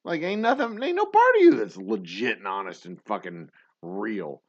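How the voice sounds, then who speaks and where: A man's voice: a little high, very animated, normal speed, vocal fry, dry recording. Crude, rambling man on a lo-fi livestream. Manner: loud, crude, laughing, tipsy rants. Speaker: host of a drinking livestream show. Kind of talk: rambling profane livestream chat. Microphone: webcam livestream setup.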